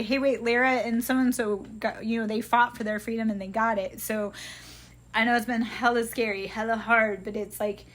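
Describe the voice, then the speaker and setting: A woman's voice: medium pitch, a bit bright. A woman hosting a live stream, giving an impassioned spiritual pep talk in casual speech and swearing freely.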